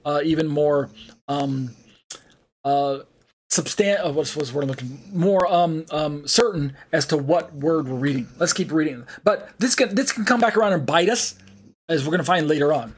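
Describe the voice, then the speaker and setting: A man teaching an online Bible study, explaining slowly and spelling words out letter by letter, with frequent fillers. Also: a little high, slightly rough.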